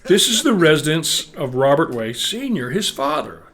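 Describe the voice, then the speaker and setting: A man voicing a cheerfully oblivious older mother in a high, chirpy sing-song. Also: big pitch swings, normal speed, a bit bright.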